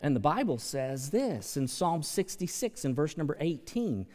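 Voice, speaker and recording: A male pastor preaching with a lively, swooping delivery, his voice sitting a little high for a man. He moves between hushed asides and loud, emphatic declarations. The sound carries a long reverb, as if from a large church sanctuary. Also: normal speed. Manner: animated preaching, swings from soft to loud. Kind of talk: sermon.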